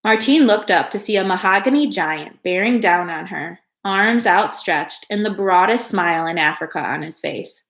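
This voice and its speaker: A woman's voice: on the low side, moderate pace, few pauses. Woman reading a storybook in an echoey room. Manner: calm, steady storytelling. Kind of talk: reading a children's novel aloud.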